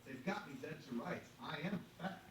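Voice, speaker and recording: A man's voice: fairly high pitch, normal speed, distant mic, a little hiss or hum. A man telling a story on a podcast, swearing a lot and acting out the voices of the people in it. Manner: profane, animated, acts out every voice in the story. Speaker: podcast guest. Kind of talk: casual storytelling. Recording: roomy echo from off-mic.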